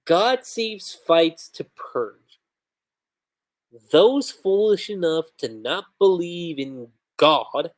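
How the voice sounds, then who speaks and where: A man reading aloud as a proud, devout demon villager, in an earnest and measured way. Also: on the high side, expressive. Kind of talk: reading comic dialogue aloud on a livestream.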